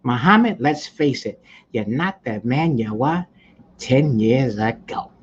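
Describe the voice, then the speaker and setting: A man impersonating a sports interviewer who speaks in a slow, deliberate, drawn-out way. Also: mid-range voice, animated, husky, voice pushed down. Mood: needling. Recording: muffled lo-fi recording.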